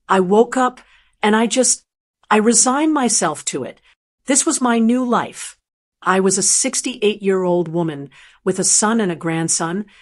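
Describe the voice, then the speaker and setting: A woman narrating a dramatic first-person story in an emotional, halting way, often repeating words as she goes. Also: medium pitch.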